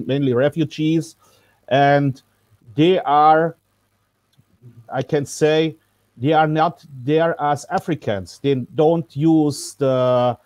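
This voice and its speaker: A man speaks slowly on a panel and pauses often as he searches for words in a second language. His voice sits in a middle pitch. The sound is dry, coming through a video call. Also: darkish tone, no room sound. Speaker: panel guest. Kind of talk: panel answer.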